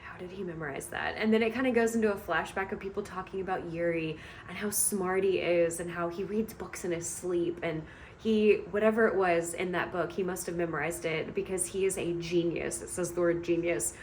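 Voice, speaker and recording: A woman's voice: on the low side, steady tone, moderate pace, a little mellow, slight background noise. A woman book vlogger retelling a story she is reading, in a chatty, amused way with many hedging asides.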